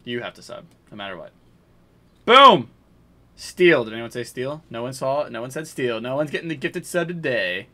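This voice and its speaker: Man, live-stream host, bright tone, medium pitch, chatty, hype bursts, low mumbles while sorting. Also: expressive, fast, hardly any pauses. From New England. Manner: chatty, hypes pulls, jokes with chat. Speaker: streamer opening card packs. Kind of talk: casual live-stream chat.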